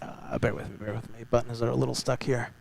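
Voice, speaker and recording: A man's voice: medium pitch, little pitch movement, fast talker, creaky, darkish tone, rough recording. A man hosting an outdoor live stream from a beach, chatting upbeat and repeating his phrases as he reads viewer messages. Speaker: livestream host. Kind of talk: live spotting stream commentary.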